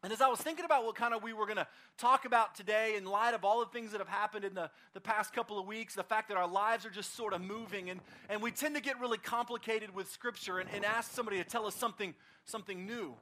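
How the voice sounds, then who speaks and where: High, bright-voiced man preaching casually. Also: fast talker, few pauses. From Oklahoma, United States. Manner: casual, animated storyteller with frequent fillers. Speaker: pastor. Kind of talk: conversational sermon with storytelling.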